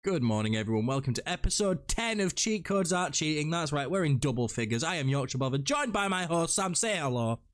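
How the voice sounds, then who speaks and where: A man hosts a laid-back gaming podcast, his voice lively and sitting a little high. His nose is blocked, which gives his talk a stuffed-up sound. He jokes and swears freely. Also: fairly quick, hardly any pauses. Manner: joking, animated, swears freely. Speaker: podcast host. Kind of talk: casual gaming podcast chat.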